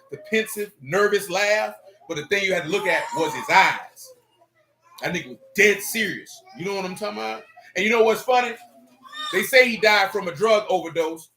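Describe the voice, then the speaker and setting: A man leading a loose, joking Bible study, talking in animated, teasing slang. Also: high voice, slight background noise. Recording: echoey room.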